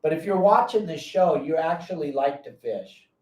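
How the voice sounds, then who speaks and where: A brash, high-energy man, voice pitched a touch high. He talks loud and blunt, telling fishing show stories with a lot of punch. The mic sits at a distance in an echoey room. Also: expressive, moderate pace. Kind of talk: casual podcast chat.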